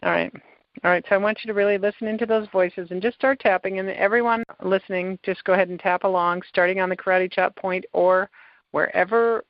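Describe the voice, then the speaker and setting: A woman gently leads a tapping session, giving calm, step-by-step prompts at a middling pitch. Her voice is dry and close. The recording is dull and lo-fi. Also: dry recording. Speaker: tapping practitioner and podcast host. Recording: dull, lo-fi sound.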